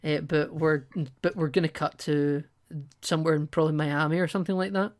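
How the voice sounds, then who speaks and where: A woman with a low voice, chatting casually as a podcast co-host. She retells a film scene by scene, breaking into quick quoted lines from the characters as she goes. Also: fairly even intonation, a little mellow. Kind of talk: casual film recap chat.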